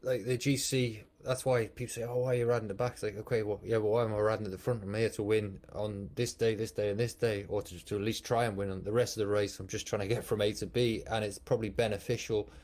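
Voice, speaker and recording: Thoughtful low-voiced man explaining racing. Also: level tone, fast, hardly any pauses, darkish tone. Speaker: former professional cyclist, guest. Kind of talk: casual podcast chat.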